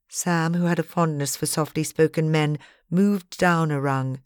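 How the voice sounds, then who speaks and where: A woman narrates an audiobook in a measured, even storytelling voice. Her voice sits low, and the recording is dry and close with no room echo. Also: clear, resonant tone. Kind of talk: scripted narration.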